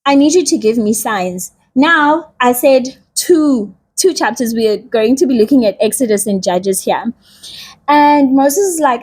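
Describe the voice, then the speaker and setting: A woman's voice: fairly high pitch, animated, unhurried, darkish tone, husky. A woman giving a casual, chatty bible teaching in a vlog, with loose slang and plenty of repetition. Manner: chatty, slangy, repeats herself.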